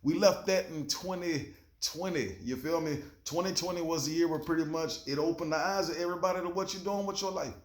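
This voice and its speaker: A man's voice: on the high side, a little fast, echoey room. A man hosting his own show, giving a laid-back, slangy motivational talk straight to the camera and swearing freely. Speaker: show host.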